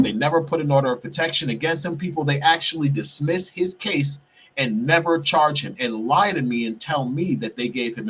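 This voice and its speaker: A man's voice: mid-range voice, fairly bright tone. A man hosting a podcast, telling a heated personal story, profane and repeatedly calling out to his listeners as "people". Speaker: podcast host. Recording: distant mic, husky sound.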